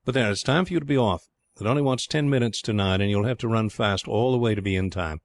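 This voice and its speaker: A man doing a soft-spoken worried mother, composed, deep voice, dry studio. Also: quick pace, no echo, natural voice. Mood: calm. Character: gentle middle-aged mother, worried.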